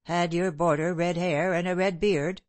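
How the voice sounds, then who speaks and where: A woman voicing a calm, stern gentleman in an audiobook, cold and composed. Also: fairly low pitch, moderate pace, no echo, natural voice.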